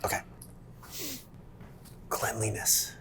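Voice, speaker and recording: A man's voice: takes it slowly, whispered. A man from Canada hosting a casual interview, playful and teasing as he quizzes his guest. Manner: playful, teasing, quiz-style questions. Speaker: host.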